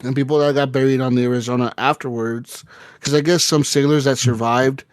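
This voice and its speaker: A man's voice: mid-range voice, level tone, a little fast, smooth, no room sound. Swearing, rambling guy on a dry mic. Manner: swears often, rambling storyteller. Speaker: podcast co-host. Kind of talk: casual chat.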